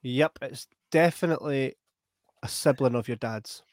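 Scottish male podcaster spinning a lively yarn, dry close sound. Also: medium pitch, moderate pace, dry recording. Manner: animated anecdote-telling, acting out quoted voices. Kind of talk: casual storytelling chat.

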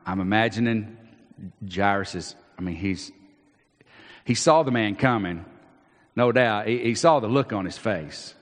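A man, a pastor preaching a sermon, animated and acting out the Bible scenes he tells, with frequent restarts. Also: on the low side, a little slow, long pauses. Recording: long reverb of a large hall.

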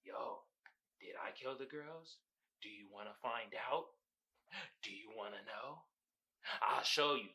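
A man voicing a taunting male serial killer suspect, speaking low and hushed with mocking taunts. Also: unhurried, long pauses.

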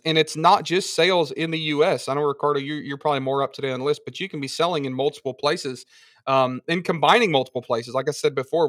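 A man with a bright, forceful tone talks through examples at length in a casual podcast chat. His voice is dry and close, with no room sound behind it. He explains patiently and in detail. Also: mid-range voice, no echo. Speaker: guest from a seller funding service.

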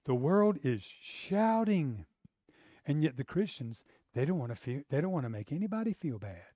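A middle-aged pastor with a drawl delivers a sermon, talking to his congregation like a neighbor before climbing into forceful, emphatic bursts. His voice sits a little higher than most men's. The sound is dry and close, with no room echo. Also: big pitch swings, moderate pace. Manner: conversational preaching, rising to emphatic outbursts.

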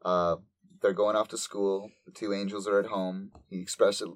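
Man, podcast host, deep voice, dry close sound, casual retelling. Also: little pitch movement, moderate pace, no room sound. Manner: casual, filler-heavy storytelling. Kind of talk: casual chat, recapping a show.

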